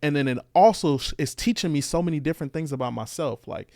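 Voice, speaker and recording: A man's voice: a little high, quick pace, darkish tone, no echo, studio quality. A young man co-hosting a podcast, talking about faith in an earnest, candid way, often repeating phrases. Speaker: podcast co-host. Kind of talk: casual faith chat.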